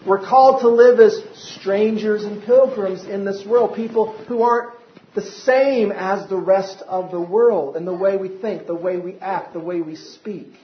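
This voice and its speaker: A man's voice: high-pitched, unhurried. A man preaching a sermon as pastor, building emphasis and asking his listeners repeated rhetorical questions. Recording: roomy, dull lo-fi church recording.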